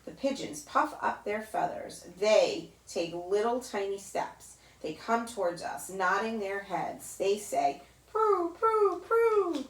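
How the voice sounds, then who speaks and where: Animated woman reading a kids' story. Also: takes it slowly, hardly any pauses, recorded from a distance. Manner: animated, mimics sounds in a high playful voice. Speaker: children's yoga teacher. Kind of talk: reading a picture book aloud to children. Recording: roomy echo, voice off-mic.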